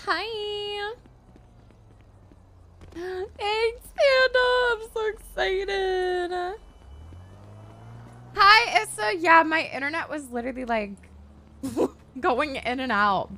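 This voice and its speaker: Very high-voiced excitable woman streamer. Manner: swears freely, excitable and chatty. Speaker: live streamer. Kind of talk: casual live-stream chat while role-playing a game.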